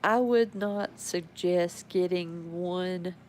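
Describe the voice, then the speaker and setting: A woman's voice: fairly low pitch, slow pace, a little mellow, a little hiss or hum, rough recording. A woman, rambling casually about her pets at home and talking to them as she goes. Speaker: pet owner showing her animals. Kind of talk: casual home video chat.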